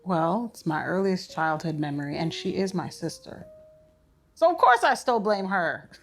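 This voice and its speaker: A woman playing an older, sick father who is gruff, crude and wry, telling blunt, profane stories in a stage play. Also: fairly low pitch, expressive, moderate pace, soft background music. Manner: blunt, sardonic, profane storytelling.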